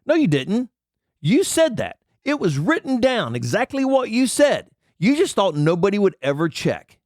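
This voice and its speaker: A man's voice: high voice, sing-song, normal speed, darkish tone, no echo, clean studio sound. A man hosting an angry political commentary, reading out items and mocking them with indignant rants. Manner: indignant ranting, reads out items and mocks them. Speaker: commentary channel host.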